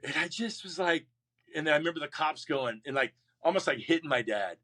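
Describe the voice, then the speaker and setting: Man, middle-aged, interview guest, slightly higher voice, animated storytelling, restarts sentences. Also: brisk. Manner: animated, acts out quoted voices, frequent restarts. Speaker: guest, Marine veteran.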